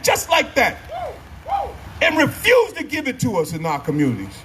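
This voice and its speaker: A middle-aged man speaks at an outdoor street rally, his voice pitched unusually high and pushed into fiery, preacher-like shouts. He rises and falls in waves like a sermon. A faint hiss of street noise runs under him. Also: huge pitch swings, a little fast. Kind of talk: impassioned rally speech.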